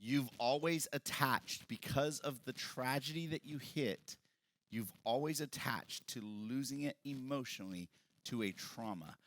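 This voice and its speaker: Male pastor, sermon delivery, bright and forceful, dry close mic, big swings in volume. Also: medium pitch, a little slow, no room sound. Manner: swings from quiet talk to loud shouted preaching. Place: church hall with congregation.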